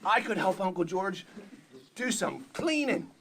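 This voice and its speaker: A man's voice: sits high, big pitch swings, unhurried, vocal fry, a bit bright, slight background noise, heavily acted. A man voicing an eager, foolish male kitchen blender in a church story.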